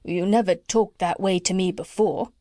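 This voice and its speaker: A woman voicing a gentle, polite male doctor in a storybook reading, speaking slowly and carefully. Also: lowish voice, steady tone, no room sound, clean studio sound, close to an everyday voice. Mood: mild. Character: gentle, mild middle-aged male doctor.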